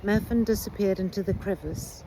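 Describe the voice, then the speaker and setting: A woman reading a children's book aloud with measured, expressive narration. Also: medium pitch, very noisy. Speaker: storybook reader.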